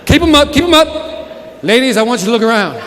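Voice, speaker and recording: A man's voice: extremely high pitch, fairly quick. A man giving a live motivational sales keynote, telling stories and working the crowd with call-and-response. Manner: animated storyteller, works the crowd with call-and-response. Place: large event hall with a live audience. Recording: reverberant hall, live audience, faint noise.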